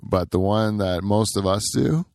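A man's voice: on the low side, unhurried, vocal fry, darkish tone, no echo, studio quality. A middle-aged man co-hosting a podcast in casual chat, rambling with lots of fillers and frequent laughs. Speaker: podcast co-host.

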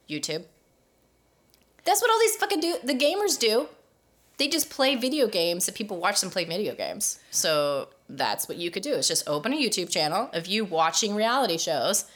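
Podcast cohost lady, super animated, swears a ton, does little voices. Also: mid-range voice, normal speed. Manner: swears freely, animated, acts out quoted voices. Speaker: podcast co-host. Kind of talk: casual chat.

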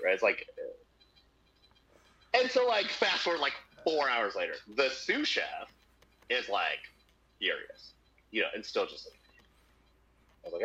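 A man in his thirties chatting casually on a podcast, telling profane, animated anecdotes with quoted voices. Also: mid-range voice, moderate pace, long pauses. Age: 30s. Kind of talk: casual chat, storytelling. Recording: dull lo-fi audio.

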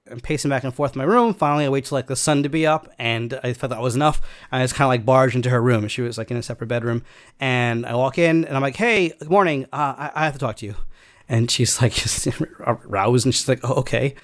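A man in a relaxed conversation, recounting a personal story at an ordinary pitch. He rambles, stops and restarts, leaning on fillers as he goes. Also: clean tone.

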